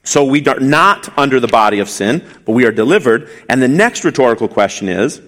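A man's voice: medium pitch, animated, fairly quick, fairly bright tone. A male pastor preaching an expository sermon, emphatic, asking rhetorical questions and repeating key phrases.

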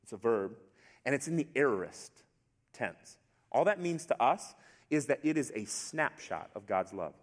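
A middle-aged man preaching a sermon to a congregation, storytelling in a relaxed, conversational way with asides. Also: medium pitch, unhurried. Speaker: pastor. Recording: long hall reverb.

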